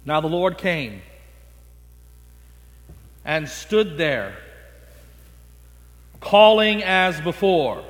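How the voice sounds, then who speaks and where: Storytelling preacher, male, slightly high voice, animated. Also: drawn-out words, long pauses, soft background music. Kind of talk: storytelling sermon. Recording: long echo in a large hall.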